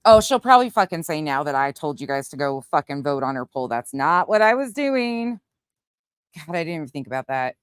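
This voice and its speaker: A woman's voice: deep voice, fast, clear, resonant tone, dry recording. A woman hosting a casual livestream, chatting bluntly with her viewers, swearing now and then. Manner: blunt, swears, greets chat names. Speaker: livestream host. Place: outdoors at night, windy.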